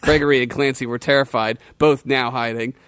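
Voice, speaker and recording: A man's voice: mid-range voice, steady tone, brisk, a bit bright, clear, resonant tone, dry recording. A man reading a crude comic story aloud as a podcast host, often breaking into giggles.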